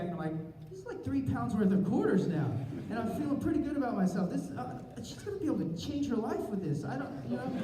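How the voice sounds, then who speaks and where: A man telling a comic story at a convention panel, animated and self-mocking, acting out his own inner thoughts. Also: sits high. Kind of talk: comic storytelling to a live audience. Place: large convention hall. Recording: roomy hall from far off, crowd noise. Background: audience laughter and murmur.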